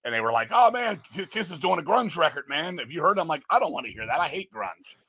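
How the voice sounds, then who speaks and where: A man in casual podcast chat, loud and swearing, mocking things he hates and breaking into shouted parodies. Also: a little high, very animated, quick pace, slightly rough, no room sound. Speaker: podcast guest.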